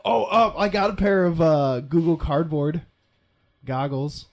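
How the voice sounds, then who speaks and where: A man co-hosting a casual podcast, chatting in a relaxed way with short reactions. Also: fairly high pitch, unhurried. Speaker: podcast co-host.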